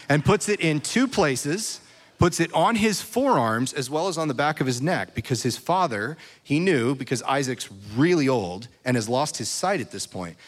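Man preaching in an echoing church hall. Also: mid-range voice. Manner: conversational, checks in with the crowd. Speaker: pastor. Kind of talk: sermon. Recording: reverberant hall.

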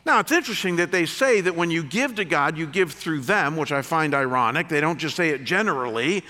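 A man preaching a sermon as pastor, animated, swinging between loud rises and quiet drops. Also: fairly high pitch, fairly quick, hardly any pauses. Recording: long hall reverb.

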